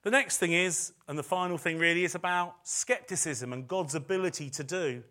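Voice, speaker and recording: A man's voice: fairly high pitch, brisk, sharp tone. A middle-aged man preaching a sermon in a chatty way, with self-deprecating asides and phrases repeated for emphasis. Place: church service.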